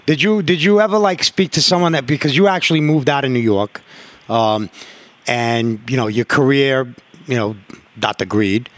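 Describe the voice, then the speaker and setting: A man in his forties hosting a podcast in casual chat, halting and repeating words and swearing freely. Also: medium pitch, fairly bright tone. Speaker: podcast host.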